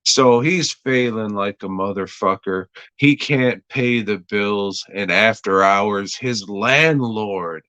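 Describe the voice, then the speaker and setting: Slow-talking, profane man recapping an episode. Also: lowish voice, bright, forceful tone, clear, resonant tone, dry recording. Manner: rambling, profane, jokey. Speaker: podcast host reviewing a TV episode.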